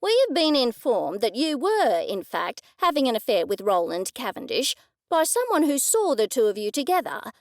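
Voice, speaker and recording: A woman's voice: on the high side, big pitch swings, moderate pace, no room sound. A woman narrator voicing a stern middle-aged male police detective, probing and accusing in a dry manner.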